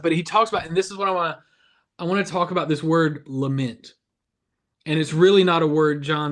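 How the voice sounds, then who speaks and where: Guy on a video call doing a youth devo, kinda high voice, jokey and rambly. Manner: chatty, joking and self-deprecating. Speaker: youth ministry devotional host. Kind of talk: casual devotional chat.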